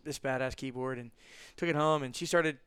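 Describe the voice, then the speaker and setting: Guy rambling through a story, animated, pretty clear voice, dry room. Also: brisk, no echo. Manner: animated, acts out quotes with big jumps in pitch. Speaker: guest. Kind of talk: casual storytelling.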